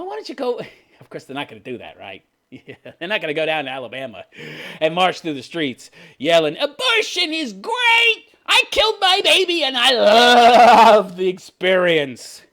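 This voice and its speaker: A man's voice: high voice, a bit bright. Sarcastic, profane man in his fifties. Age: 50s. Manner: sarcastic, profane, scoffing, chuckles at his own jabs. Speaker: commentary channel host. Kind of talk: ranting commentary on posts.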